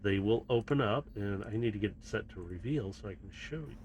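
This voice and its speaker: A man's voice: lowish voice, fairly quick, a little mellow, slight background noise. A man narrating and running a tabletop role-playing game as game master, in a casual, storytelling manner with laughs.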